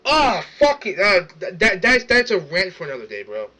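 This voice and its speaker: A man's voice: high-pitched, sing-song, brisk, bright, forceful tone, poor audio. A man ranting in casual commentary, swearing often and stammering as he repeats words. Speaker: streamer reacting to a video.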